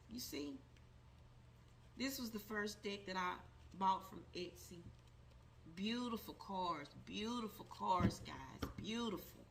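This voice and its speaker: A woman's voice: fairly high pitch, gravelly, bright, forceful tone, a little hiss or hum. A woman talking casually to her viewers, reviewing a deck of cards she bought and repeating her points with emphasis. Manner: emphatic, repeats herself, addresses viewers as guys. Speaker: tarot vlogger. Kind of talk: casual product review to camera.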